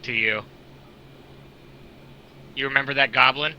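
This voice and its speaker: A man narrating a tabletop game as game master in a relaxed, casual way, swearing and laughing often. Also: mid-range voice, a little slow, highs cut off, slight background noise.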